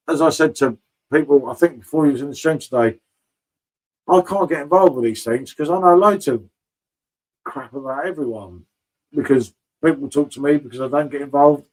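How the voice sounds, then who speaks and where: Chatty bloke saying mate a lot. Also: male voice, a little high, low-quality recording. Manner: chatty, swears freely, calls everyone mate. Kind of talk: casual live-stream chat. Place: home bar.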